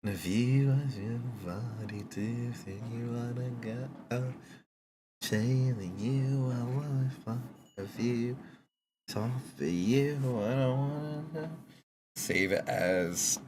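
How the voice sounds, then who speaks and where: A streamer chatting casually with their chat while drawing, teasing viewers and breaking into sudden high squeaks. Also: slow, background noise.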